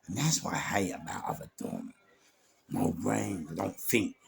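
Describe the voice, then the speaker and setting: A man's voice: sits low, sing-song, normal speed, a little hiss or hum. A man casually telling stories from his years as a doorman on a podcast, rambling with lots of fillers and repeated words. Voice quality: gravelly, husky voice. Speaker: former doorman and security firm owner telling stories.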